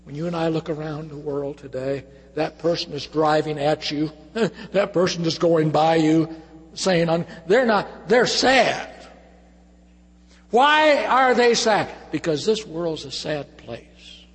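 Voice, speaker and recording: Husky-voiced pastor in a reverberant hall. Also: male voice, on the high side, measured pace. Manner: emotional, swings between loud emphasis and soft hush. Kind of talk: sermon.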